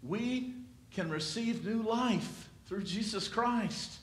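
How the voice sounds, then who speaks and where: Slow, dramatic preaching man, echoey church. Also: sits high. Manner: slow, dramatic preaching with swells and hushed drops. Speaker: pastor. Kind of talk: sermon. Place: church sanctuary.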